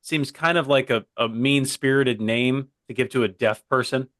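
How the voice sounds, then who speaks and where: A man's voice: medium pitch, normal speed, fairly bright tone, dry recording, clean studio sound. A young man co-hosting a casual comedy podcast, rambling from one digression to the next. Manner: rambling, digressive, keeps saying "by the way". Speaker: co-host.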